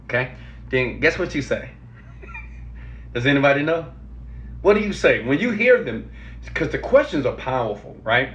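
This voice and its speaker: Emphatic motivational man in a roomy space. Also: medium pitch. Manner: animated, emphatic, slows down for stress, asks viewers for thumbs up. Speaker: motivational speaker giving job interview tips. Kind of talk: energetic motivational talk to camera. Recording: roomy, slightly dull recording.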